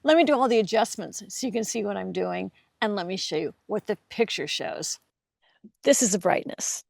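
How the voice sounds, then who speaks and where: A woman's voice: medium pitch, normal speed, vocal fry, dry recording, studio quality. A woman demonstrating a webcam in an upbeat, enthusiastic way, recorded outdoors in a garden through a webcam mic on a computer. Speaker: product reviewer. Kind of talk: product demo.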